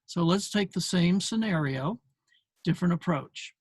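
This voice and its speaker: A man's voice: sits high, expressive, unhurried, slightly rough, dry recording. An older man hosting a parenting show, explaining a book in an earnest talk with many fillers. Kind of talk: casual talk to camera.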